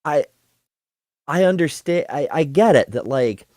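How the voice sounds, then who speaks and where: A man's voice: on the high side, animated, measured pace, warm tone, dry recording, studio quality. A man from the Northeastern US hosting a casual debate review chat, telling stories and laughing often. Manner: chatty, storytelling, laughs often. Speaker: host.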